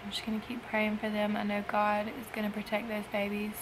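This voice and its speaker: A young woman, a foster mother, talking in an emotional personal vlog, halting and tearful with sighs and trailing phrases. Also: mid-range voice, monotone, noisy background. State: emotional after crying. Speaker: foster parent vlogger.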